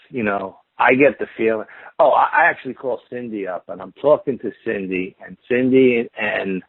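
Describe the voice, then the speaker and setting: A man's voice: on the low side, creaky, slightly rough, dry recording. A man, a guest on an interview, telling a long encounter story in a rambling, casual way with repetitive build-ups. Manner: rambling, repetitive build-up with stacked "and then you hear" phrases. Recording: tinny phone line.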